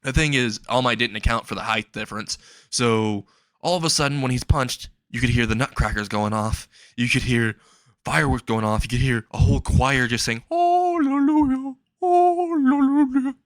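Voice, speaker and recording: A man's voice: medium pitch, fairly even intonation, brisk, fairly bright tone, no echo. Male storyteller, improvised comic narration, rambling and amused; dry, close sound. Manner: rambling, laughs at his own jokes.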